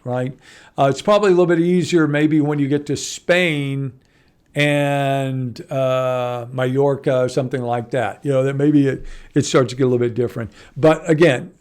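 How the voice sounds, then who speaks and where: A man, a morning TV news host giving a casual at-home news update, chatty and animated, with asides to viewers. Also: a little high.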